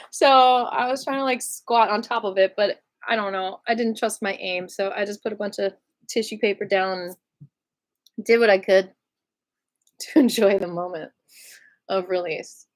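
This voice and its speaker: A woman telling a story in a casual storytime vlog, chatty and animated, laughing often and using lots of fillers. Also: medium pitch, unhurried, pauses often. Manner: animated retelling with many fillers. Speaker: vlogger.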